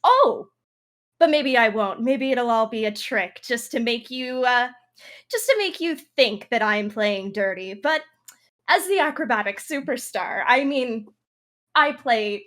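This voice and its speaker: A woman's voice: a little high, lively intonation, measured pace, a bit bright. A woman playing a cocky acrobatic superstar wrestler, taunting her rival in rambling improvised trash talk.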